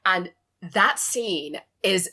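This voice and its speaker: A woman guest in a casual film discussion, animated and laughing often, acting out characters in quick quoted voices. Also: on the low side, husky.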